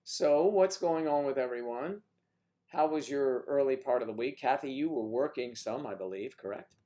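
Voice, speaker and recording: A man's voice: medium pitch, moderate pace, warm tone. A man hosting a casual livestream chat with guests, rambling and teasing with jokes, talking into a computer mic. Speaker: livestream host.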